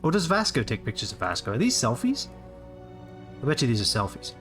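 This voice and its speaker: A man's voice: mid-range voice, wildly swooping pitch, fairly quick, a bit bright, faint music behind. A man in his late twenties giving rambling, casual live commentary on a game he is streaming, swearing freely as he goes. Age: late 20s.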